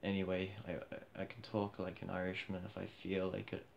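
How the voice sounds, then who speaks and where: A blunt man talks off the cuff on a phone livestream, cheeky and prone to heated rants. His voice sits low with a rough, gravelly edge. The phone recording sounds dull and lo-fi, with a faint hiss behind him. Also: monotone, fairly quick. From Australia. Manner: cheeky, blunt, gets loud and heated when ranting. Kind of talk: casual rambling livestream.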